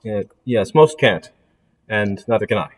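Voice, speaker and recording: A man, a cantor, chatting briefly then chanting blessings slowly with guitar behind him. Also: lowish voice, lively intonation. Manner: unhurried, sung prayer.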